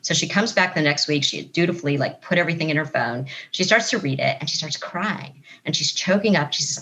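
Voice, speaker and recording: A woman's voice: low-pitched, brisk, hardly any pauses, bright, forceful tone, a little hiss or hum. A woman psychotherapist talking as an interview guest, earnest and explanatory. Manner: earnest, explanatory, acts out quoted voices. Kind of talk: conversational interview.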